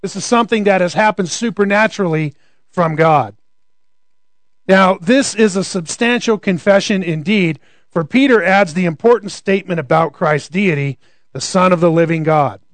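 A man's voice: high voice, moderate pace, dry recording. A man preaching a conversational sermon, often asking rhetorical questions.

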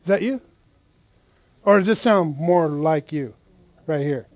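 High-voiced man teaching a Bible study. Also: unhurried, no echo. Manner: lively, rhetorical questions, frequent "right?".

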